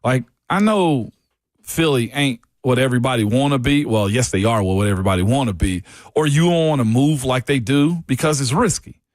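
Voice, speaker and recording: A man co-hosting sports radio talk, giving animated, emphatic opinions. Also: mid-range voice, normal speed, no echo, studio quality.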